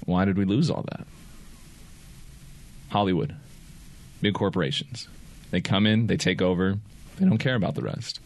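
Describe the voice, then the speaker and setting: Animated, opinionated man hosting a podcast. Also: deep voice, normal speed, gravelly, pauses often. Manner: animated, opinionated, swears freely. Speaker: podcast host. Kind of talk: casual chat.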